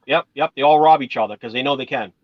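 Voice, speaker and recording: A man's voice: mid-range voice, fast talker, dull audio. A man from Massachusetts chatting casually, rambling through stories and swearing now and then. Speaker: channel host. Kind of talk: casual chat.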